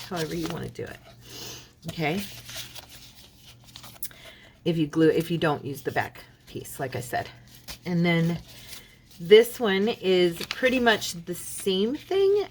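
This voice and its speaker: A woman's voice: fairly low pitch, background noise. A woman hosting a casual craft tutorial, talking while she folds and shows paper, often checking in with "okay". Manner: chatty, many "okay"s, talks while folding and showing paper. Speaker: craft video host.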